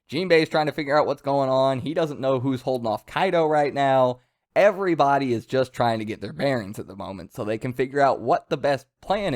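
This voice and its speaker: A man giving a casual, enthusiastic spoken review of a manga chapter, chatty and full of fillers and restarts. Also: mid-range voice.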